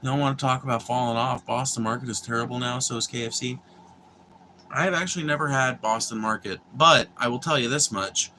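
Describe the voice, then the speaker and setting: Speaking a little fast in a sharp, medium-pitched voice, a young man rambles casually with viewers on a livestream, with slight hiss or hum in the audio. His talk is profane and meandering, full of fillers and restarted sentences.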